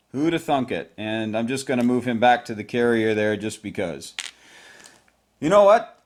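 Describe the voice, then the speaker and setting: A man playing a board game at home and narrating each dice roll to his viewers, growing excited as the rolls go his way, recorded on his own camera. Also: mid-range voice. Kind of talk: casual play-by-play of a board game. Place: home, indoors.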